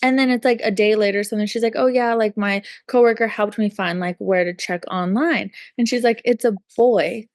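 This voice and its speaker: A woman's voice: medium pitch, steady tone, fairly quick, hardly any pauses, no echo, clean studio sound. A woman co-hosting a podcast, retelling a story in casual chat with lots of "like" and "um" and acting out the quotes. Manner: chatty storytelling, acts out quotes, many likes and ums. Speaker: podcast co-host.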